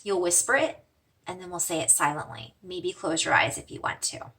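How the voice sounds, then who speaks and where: A woman teaches simple breathing exercises in a gentle, reassuring way. Her voice is bright with a gravelly edge. She sounds a little distant from the microphone. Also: on the low side. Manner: gentle, slows and softens for mantras, fades to whispers. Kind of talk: guided breathing lesson.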